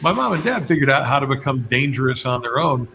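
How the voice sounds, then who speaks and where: A bright, forceful man from West Virginia tells homespun stories as a talk show guest. He keeps a relaxed, anecdotal manner with easy laughs, over a faint hiss of background noise. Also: mid-range voice, fast, creaky. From West Virginia, USA. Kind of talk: radio interview chat.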